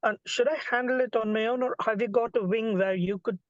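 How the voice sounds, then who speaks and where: A man's voice: high-pitched, steady tone, brisk. A man, an independent filmmaker, politely and hesitantly asking a question during an online class. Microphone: video call. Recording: lo-fi video call audio.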